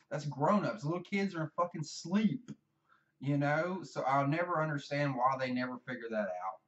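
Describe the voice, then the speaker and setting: A man's voice: a little high, recorded from a distance, dull audio. A man with a Southern US accent, rambling profanely and self-deprecatingly in a casual vlog monologue. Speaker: vlogger.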